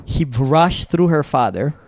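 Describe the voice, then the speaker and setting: A young man from Brazil co-hosting a podcast, telling a story in a casual, animated way, acting out the people in it and swearing freely. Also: fairly high pitch, a little slow, no echo, studio quality. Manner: animated, acts out quoted voices, swears freely. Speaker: podcast co-host.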